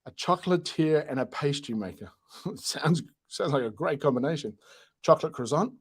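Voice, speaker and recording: A man's voice: a little high, lively intonation, moderate pace, husky. An Australian man presenting products on a casual live stream, joking, chuckling and rambling through asides.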